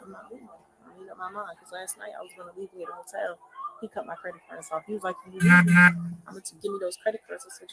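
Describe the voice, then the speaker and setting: A woman's voice: fairly low pitch, heavy background noise. Rambling woman recounting to police. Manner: rambling, halting, many fillers. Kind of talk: distressed firsthand account. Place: indoors at a home.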